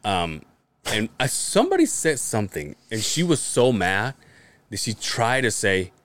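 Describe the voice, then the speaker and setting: A man's voice: fairly low pitch, big pitch swings, unhurried, a bit bright, dry recording. A man co-hosting a podcast, telling profane work stories in casual chat and laughing often. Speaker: podcast co-host.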